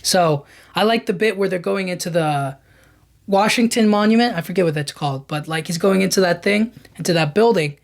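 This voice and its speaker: A man hosting a podcast, recapping film scenes in a casual, animated way with lots of fillers and restarts. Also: high-pitched, a little fast, gravelly. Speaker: podcast host.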